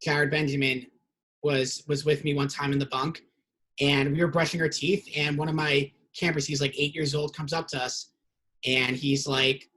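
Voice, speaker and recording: Young man, podcast host, husky voice, a bit high-pitched, casual interview chat. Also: moderate pace, poor audio. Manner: animated storyteller, acts out quotes.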